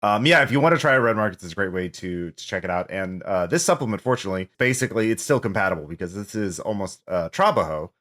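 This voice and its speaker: Deep-voiced easygoing man. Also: expressive, fast, few pauses, a bit bright. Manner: easygoing, hesitant with fillers. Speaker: game designer guest. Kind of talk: casual podcast chat.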